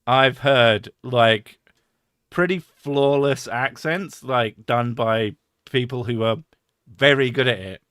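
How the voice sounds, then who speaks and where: A man hosting a stream rambles, swears, and laughs often in casual chat. His medium-pitched voice is fairly bright, clear, and resonant, captured in a dry, clean studio recording.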